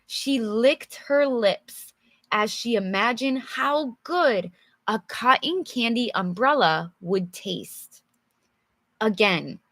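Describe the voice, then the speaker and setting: In a live English lesson, a young woman from an English-speaking country reads a storybook aloud, chats with her viewers, and laughs frequently. Her voice is a little high and sharp, with clean studio sound and no echo.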